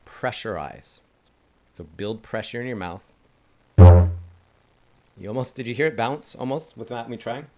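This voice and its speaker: A man's voice: mid-range voice, unhurried, pauses often, mellow, faint music behind. A man teaching a didgeridoo lesson in a casual, enthusiastic way, chatting and laughing at his own slips. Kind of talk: casual instructional talk.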